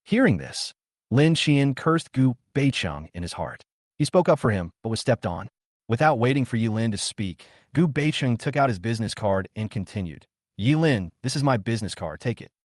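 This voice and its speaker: A man narrating a comic story recap in a steady storytelling manner. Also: mid-range voice, moderate pace, dry recording, clean studio sound.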